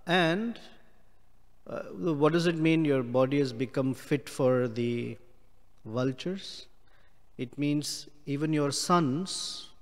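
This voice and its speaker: A man giving a scripture class, explaining Sanskrit words slowly with many pauses. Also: mid-range voice, long reverb tail. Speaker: class speaker.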